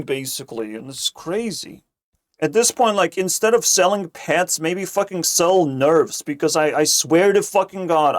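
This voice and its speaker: A man ranting sarcastically as a streamer, swearing constantly and rambling. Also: a little high. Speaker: streamer reacting to a video. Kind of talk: casual profane rant.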